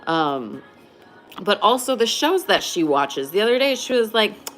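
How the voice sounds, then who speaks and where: Chatty young mom livestreaming. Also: female voice, mid-range voice, big pitch swings, a little slow, fairly bright tone, faint music behind. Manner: chatty, laughs often, reads and answers chat. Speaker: livestream host. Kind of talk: casual livestream chat.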